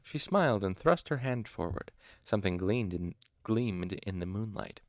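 Expressive man reading a novel aloud. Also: on the low side, normal speed, no echo, studio quality. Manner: expressive, with small asides and self-corrections. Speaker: audiobook narrator.

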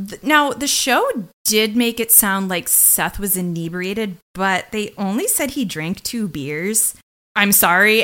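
A woman's voice: medium pitch, fairly bright tone. A woman co-hosting a podcast, recapping a TV episode in casual chat and giving blunt opinions. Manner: blunt and opinionated, acts out characters' lines. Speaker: podcast co-host.

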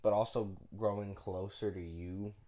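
Lower-voiced young man, emotional and animated. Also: unhurried. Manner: animated, emotional, playful storyteller. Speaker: podcast co-host. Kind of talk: casual chat.

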